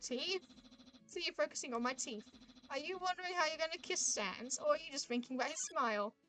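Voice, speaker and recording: A proud, earnest skeleton, put on by a woman, announces everything in grand, formal phrases. The voice sits high and sounds bright and sharp. It is a game character read aloud during a stream. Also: fairly quick, soft background music. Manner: proud, eager declarations. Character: boastful, cheerful male skeleton, earnest and grand. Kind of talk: reading a visual novel aloud on a livestream.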